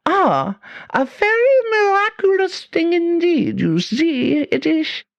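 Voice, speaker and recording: A woman voicing a wild-eyed mad female professor with an obviously fake German accent, shrill and frantic. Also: big pitch swings, slow, vocal fry, dry recording, muffled recording, full character voice. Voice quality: shrill, squawking.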